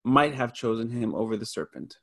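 A man's voice: mid-range voice, lively intonation, fairly quick, vocal fry. A man hosting a casual discussion, informally asking questions about faith.

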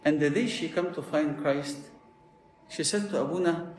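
A priest preaching a sermon, telling stories in a lively way and checking in with "okay?". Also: male voice, fairly high pitch, moderate pace. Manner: animated storytelling with frequent "okay?" check-ins. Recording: echoey room.

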